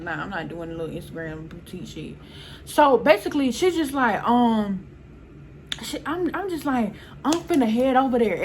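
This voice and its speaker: Animated young woman with a high voice. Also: slight background noise. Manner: animated, swearing, laughs often, quotes people in quick bursts. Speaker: storyteller vlogger. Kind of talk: casual storytime monologue.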